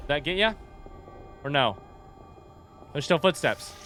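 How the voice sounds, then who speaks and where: A man's voice: on the high side, very animated, takes it slowly, a bit bright, soft background music. A young man giving live gameplay commentary, jumpy and panicky with sudden sworn outbursts. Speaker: streamer.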